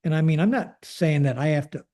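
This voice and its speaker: Older guy, ex air force general, rambling story w/ lots of um and you know, voice a bit high. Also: brisk, warm tone. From United States. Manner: conversational, acts out dialogue in quotes, frequent fillers. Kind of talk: storytelling in a podcast interview.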